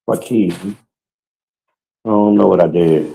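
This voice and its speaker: A man's voice: low-pitched, takes it slowly, creaky, pauses often, dark tone, poor audio. A podcast host talks casually to viewers while walking through his home, boastful and joking, swearing freely.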